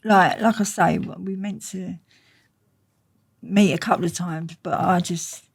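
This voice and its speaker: A woman's voice: lowish voice, steady tone, measured pace, creaky, breathy edge. A woman with an Essex accent, an interview guest telling stories bluntly and swearing freely. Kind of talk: candid casual storytelling.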